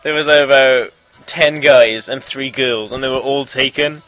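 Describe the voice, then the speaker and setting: A young man telling childhood stories to friends in casual chat, often laughing and slipping into quick impressions. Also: mid-range voice, steady tone, a bit bright, low-quality recording. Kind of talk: casual storytelling among friends.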